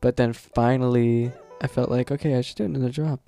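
A man's voice: medium pitch, fairly even intonation, fairly quick, vocal fry, dark tone, soft background music. A young man co-hosting a podcast in loose, chatty talk, full of "like" and "um". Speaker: podcast co-host. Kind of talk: casual chat.

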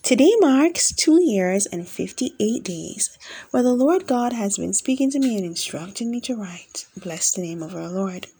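A woman minister leading a fervent, solemn spoken prayer, with repeated declarations in a steady devotional cadence. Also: medium pitch, a little slow, breathy edge.

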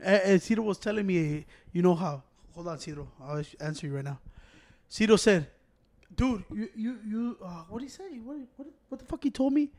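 A man chatting casually on a podcast, telling animated stories with loud acted-out quotes and lots of laughter. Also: sits high, normal speed. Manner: animated storytelling, acts out quotes loudly; swears a lot, laughs often. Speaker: podcast co-host. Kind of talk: casual chat.

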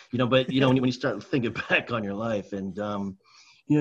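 A husky man with a lowish voice tells stories in a loose, animated way, often repeating himself and calling people man or dude. He is an educator from New Jersey chatting casually. The recording sounds dull and lo-fi. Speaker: educator, guest. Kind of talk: casual podcast conversation.

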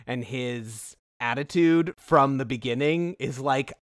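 A man co-hosting a podcast, talking through a book and its film in a relaxed, agreeable way. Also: mid-range voice, slow pace, few pauses, dry recording, clean studio sound. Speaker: podcast co-host. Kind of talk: casual book-and-film discussion.

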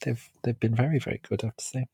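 An Irish man telling a personal story in a relaxed, chatty way, laughing often as he talks. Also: medium pitch, racing, creaky, husky, no room sound, clean studio sound. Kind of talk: casual chat, personal storytelling.

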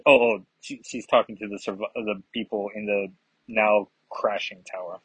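A man reviewing a comic casually, reading aloud with halting fillers and asides. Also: fairly low pitch, steady tone, fairly bright tone, breathy edge, no echo, rough recording.

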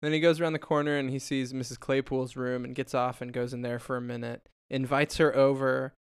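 Young male podcast co-host, mid pitch, gravelly, easygoing storyteller, dry mic. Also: level tone, brisk, dry recording. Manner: laughing, loose retelling with quoted voices. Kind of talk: casual chat.

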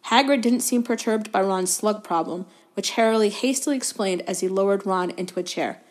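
A woman guest reader narrating a children's novel aloud in a steady, even way. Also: medium pitch, normal speed.

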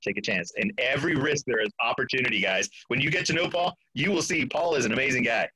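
A man with a husky, slightly breathy voice tells a story as a podcast guest. He is animated, jumps up in pitch to act out other people's lines, and laughs often. The sound is dry and close, with almost no room in it. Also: fast talker, no room sound, low-quality recording. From Florida.

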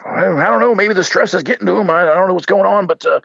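A man co-commentating in a rambling, folksy way. His voice is gravelly and husky and fairly high, and he talks fast. The sound is muffled and lo-fi. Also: a bit bright, dry recording. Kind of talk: comedic commentary.

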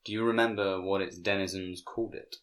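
Brief: suave menacing devil, hushed and silky, very deep, from a male narrator. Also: fairly even intonation, brisk, close to an everyday voice. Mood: silky menace.

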